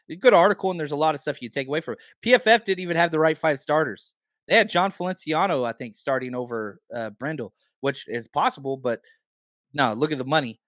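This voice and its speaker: A man hosting a casual sports podcast, animated and firing off rhetorical questions, a bit hoarse from talking a lot. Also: fairly high pitch, no echo, studio quality. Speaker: podcast host.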